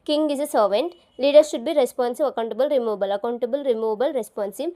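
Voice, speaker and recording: In a study-along lesson meant for memorizing, a woman with a slightly high, mellow voice tutors for an exam at a quick pace. She says each key term repeatedly and spells the words out one letter at a time.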